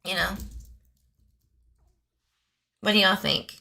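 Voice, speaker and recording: A woman's voice: medium pitch, little pitch movement, slow pace, gravelly, bright, forceful tone. A woman hosting a true crime channel, reading police documents aloud and breaking off into sarcastic, chatty asides to her viewers.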